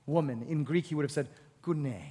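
Brief: lively, high-voiced male pastor, conversational sermon. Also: moderate pace, in a large hall. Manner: animated storytelling, conversational.

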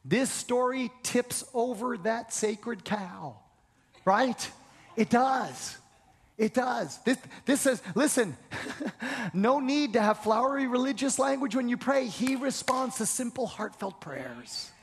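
A man preaching a sermon, emphatic and repetitive, asking the congregation questions and sometimes shouting. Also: extremely high pitch, expressive, slow pace, breathy edge, in a large hall. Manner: emphatic, repeats phrases, asks the congregation questions, occasional shouts. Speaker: pastor.

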